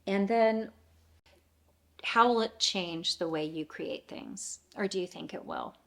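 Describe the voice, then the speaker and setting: A woman hosting her own knitting podcast, talking in a relaxed, rambling way with frequent fillers. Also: mid-range voice, takes it slowly, creaky. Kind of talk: casual chat.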